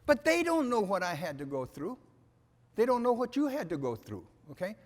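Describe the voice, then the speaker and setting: A man's voice: high-pitched, huge pitch swings, normal speed. Emphatic older man giving a keynote. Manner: emphatic, repeats "okay?" to the audience. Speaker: keynote speaker. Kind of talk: animated keynote speech. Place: conference hall. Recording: reverberant hall sound.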